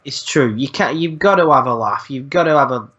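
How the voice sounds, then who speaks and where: A man's voice: medium pitch, lively intonation, fairly quick, fairly bright tone. A man hosting a casual chat, rambling, swearing often and repeating words as he talks. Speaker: channel host. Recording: dull lo-fi sound.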